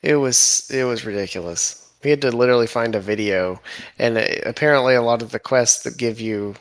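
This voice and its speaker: A man in casual chat about a game, telling what happened in a relaxed way with wry asides. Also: medium pitch, fairly quick, no echo. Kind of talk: casual chat reviewing gameplay.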